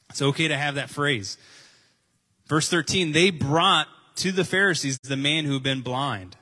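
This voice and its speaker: Man preaching, bright clear voice, casual sermon, repeats phrases for emphasis. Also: medium pitch. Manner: conversational, asks listeners questions, repeats phrases for emphasis. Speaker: pastor. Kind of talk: sermon with scripture reading.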